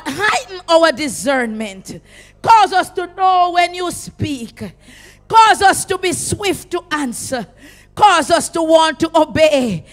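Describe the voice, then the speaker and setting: A woman leading a fervent pastoral prayer in a church sanctuary, repeating her pleas and rising to shouts. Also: very high voice. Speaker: prayer leader. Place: church sanctuary, streamed on video call.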